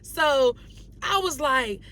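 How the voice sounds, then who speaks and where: A young woman from North Carolina telling a casual storytime on her vlog, animated and slangy, acting out the dialogue she quotes. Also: sits high, takes it slowly. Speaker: vlogger.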